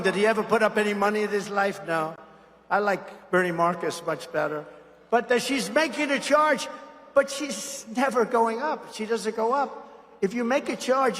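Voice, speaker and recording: A man's voice: sits high, a bit bright, big-room sound. A boastful, sarcastic man giving a campaign rally speech as a political speaker.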